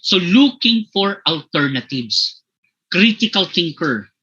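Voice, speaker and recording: Bright, husky Filipino man lecturing online. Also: high voice, sing-song, takes it slowly, lo-fi sound. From Philippines, Bicol region. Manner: mixes English and Filipino, keeps checking in with "okay?"; addresses listeners as "my dear participants". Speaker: guest speaker on leadership.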